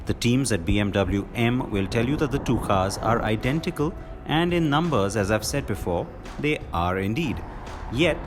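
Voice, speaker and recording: A man narrating a scripted car review in a measured, confident manner. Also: mid-range voice. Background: music.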